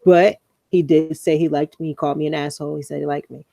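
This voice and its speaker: A young woman spins a story on a podcast, loose and profane, and she jumps into the voices of the people she quotes. Her tone is mellow and warm, and the recording is close and dry with no room sound. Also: deep voice, fast talker, gravelly, no room sound. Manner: animated, profane, acts out quoted lines. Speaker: podcast co-host. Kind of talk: casual storytelling chat.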